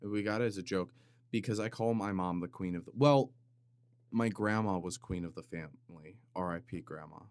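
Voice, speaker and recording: A man hosting a comedic solo podcast, rambling in a deadpan way with sudden loud bursts and some vocal fry. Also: low voice, normal speed, no room sound. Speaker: podcast host. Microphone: studio microphone.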